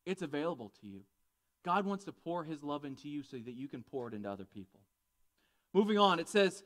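A man preaching a conversational, animated sermon, often asking the congregation questions. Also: on the high side, brisk. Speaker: pastor.

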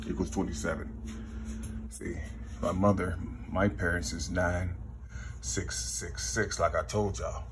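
A man, rambling through a spiritual numerology monologue, counting numbers half-aloud and repeating "you see". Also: background noise. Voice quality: very husky, slow, low-key. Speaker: self-taught numerology teacher.

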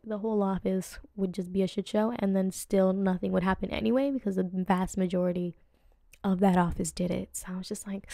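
A woman in her twenties hosting a podcast, telling rambling personal stories with lots of fillers and jumping up in pitch to act out what people said. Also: little pitch movement, brisk, vocal fry, warm tone, dry recording, studio quality. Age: 20s. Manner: chatty, rambling, lots of fillers, acts out quotes with pitch jumps. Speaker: podcast host. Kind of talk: casual storytelling monologue.

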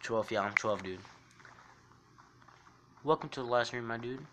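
A man livestreaming a shooter game, rambling and swearing as he reads and answers his chat in a jokey, excitable way. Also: medium pitch, unhurried, noisy background. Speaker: game streamer. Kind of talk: casual livestream commentary reading chat. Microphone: phone mic while gaming.

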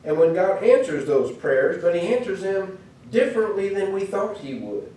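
Warm, high-pitched and very animated, a preacher with a Midwestern American accent speaks at normal speed over a little hiss or hum. He gives a sermon lesson like a chatty story full of asides, in an echoey church hall where the mic is far off.

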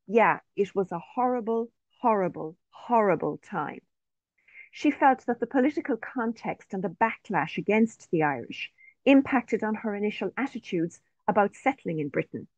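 Measured woman presenting research online. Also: medium pitch, no room sound. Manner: measured, careful, reads quotes aloud. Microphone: video call. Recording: dry, slightly dull online audio.

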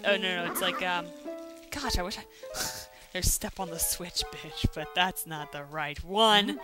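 A woman talks through a video game in a loose, chatty way, shifting between mumbled asides and sudden loud exclamations. Her home mic has no pop filter, and game music plays clearly behind her voice. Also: lowish voice, a little slow. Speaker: let's play host. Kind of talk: casual gameplay commentary. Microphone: home mic without pop filter.

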